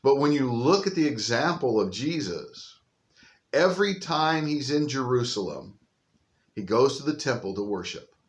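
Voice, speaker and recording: A man's voice: medium pitch, lively intonation, moderate pace. An older man, a pastor, giving an informal livestreamed sermon outdoors in a folksy, chatty storytelling manner, talking into a phone on a selfie stick. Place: outdoors on a windy day.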